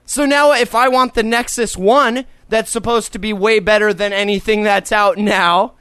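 High-voiced man ranting angrily. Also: fairly even intonation, normal speed, pushed and bright, clean tone, no room sound, studio quality. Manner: profane, exasperated ranting. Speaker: podcast host. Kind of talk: casual ranting podcast chat.

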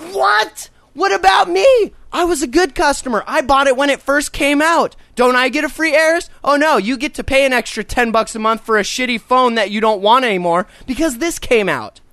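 Young male podcast host, high voice, dry close sound, profane exasperated rants. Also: brisk, hardly any pauses, pushed and bright, no room sound. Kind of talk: casual ranting podcast chat.

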